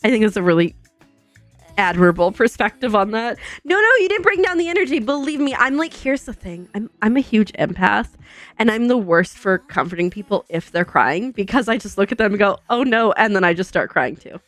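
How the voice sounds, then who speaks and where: A young woman streaming from home, chatting casually with viewers, bubbly and chatty, full of "like" and quick laughs. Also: medium pitch, big pitch swings, no echo. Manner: says "like" a lot. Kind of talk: casual chat with chat readers. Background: soft background music.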